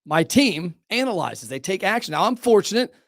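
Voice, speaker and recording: Upbeat male podcast host with a fairly high voice and a pitch-driven, motivational delivery; close, dry studio mic. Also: dry recording. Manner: energetic, animated, talks in quick bursts; salesy, motivational. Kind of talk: casual podcast conversation.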